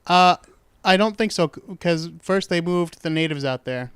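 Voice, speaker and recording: A man's voice: fairly high pitch, moderate pace, fairly bright tone, clear, resonant tone, dry recording. A man hosting a true-crime talk show, telling the story in a rambling, jokey way and correcting himself as he goes. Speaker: podcast host. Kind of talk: casual true-crime chat.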